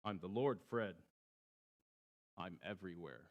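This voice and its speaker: A calm, patient God, as a preacher puts him on, speaking low and quiet, soft and unhurried. The voice stays gentle and steady throughout, a sermon storytelling voice. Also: male voice, dull audio.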